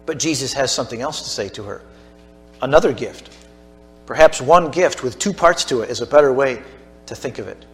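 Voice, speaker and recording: A man preaching a sermon to a church congregation, building to emphatic peaks and dropping to hushed asides. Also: mid-range voice, lively intonation, a little fast, faint music behind. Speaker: pastor.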